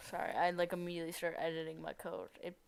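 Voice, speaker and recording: A woman's voice: on the low side, level tone, quick pace, creaky, a little hiss or hum. A woman streaming from a room at home, talking casually while she codes, thinking aloud, rambling and correcting herself as she goes. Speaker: live streamer. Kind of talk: casual live-stream talk while coding.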